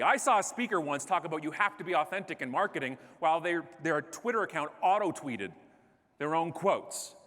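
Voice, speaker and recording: A man in a comedic keynote, his voice a touch high and swinging widely up and down as he jokes at his own expense. The sound carries a long echo through a big hall. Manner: animated, joking, self-deprecating. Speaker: keynote speaker. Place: large conference stage. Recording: echoey hall.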